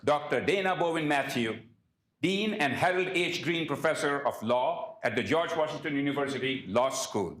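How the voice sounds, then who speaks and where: A man with a slightly raised pitch reads a formal introduction for a guest speaker. His voice rings through a roomy, echoing lecture hall, measured and prepared. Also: fairly bright tone. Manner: reads from prepared remarks, occasional slips. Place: university event hall.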